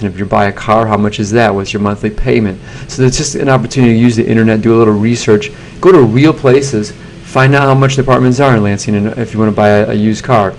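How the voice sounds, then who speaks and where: A man, a teacher talking students through a software assignment in a relaxed screencast with plenty of fillers. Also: lowish voice, a little hiss or hum. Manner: relaxed, plain instructions with fillers.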